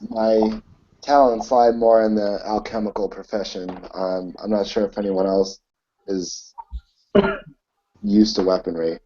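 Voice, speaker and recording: Man, in-character tabletop player, slow and halting, mellow tone, lo-fi recording. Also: on the low side, steady tone, a little hiss or hum. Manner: hesitant, halting with many fillers. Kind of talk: in-character tabletop role-play. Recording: dull lo-fi recording.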